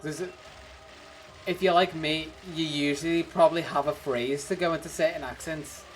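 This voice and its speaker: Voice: medium pitch, fairly even intonation, moderate pace, faint music behind. Chatty streamer, rambling and laughing. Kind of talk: casual livestream chat while gaming.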